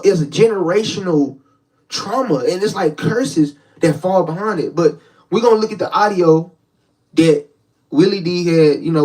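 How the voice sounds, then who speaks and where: High-voiced young man, slangy streamer. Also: a little mellow, far from the mic, rough recording. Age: young adult. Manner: slangy, repeats words, talks straight to the chat. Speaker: live stream host and street preacher. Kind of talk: casual live reaction stream.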